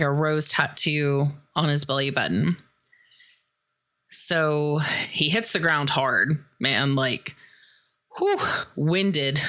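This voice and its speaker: A woman's voice: low-pitched, sharp tone, clean tone. A young adult woman hosting a podcast, casually recapping a horror film in a chatty way, full of "like" and "dude". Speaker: podcast host.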